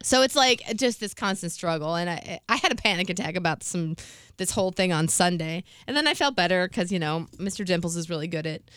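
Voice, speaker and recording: A woman's voice: on the low side, animated, quick pace, fairly bright tone, clean tone, dry recording, studio quality. A woman co-hosting a podcast in casual chat, talking candidly and swearing freely when worked up. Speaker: podcast co-host.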